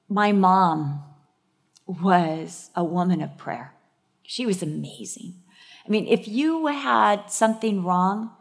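A middle-aged woman preaching a sermon. She tells stories in an animated way and acts out the voices. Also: on the low side.

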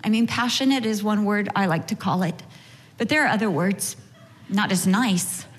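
A woman giving an earnest, storytelling talk on marriage, with touches of gentle humor, in sermon style. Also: mid-range voice, normal speed, in a large hall. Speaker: speaker at a marriage session. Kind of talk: sermon-style teaching with anecdotes.

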